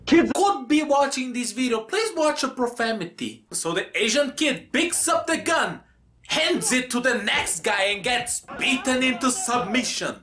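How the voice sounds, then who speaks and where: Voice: medium pitch, measured pace. A movie reviewer talking through a film with sarcastic commentary. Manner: sarcastic, animated.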